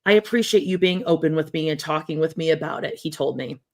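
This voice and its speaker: A woman co-hosting a podcast, reading a memoir aloud in a soft, lowered voice and breaking off for blunt, casual comments. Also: fast.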